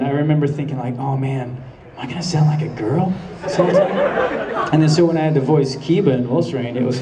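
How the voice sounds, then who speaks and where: A man's voice: a little high, warm tone. Man on a convention panel, recorded from afar. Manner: laid-back, laughs often, many ums and uhs. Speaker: voice actor guest on a convention panel. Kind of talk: panel Q&A storytelling. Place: large convention hall. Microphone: handheld camera far from the stage. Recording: echoey hall from far off, audience. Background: audience murmurs and laughter.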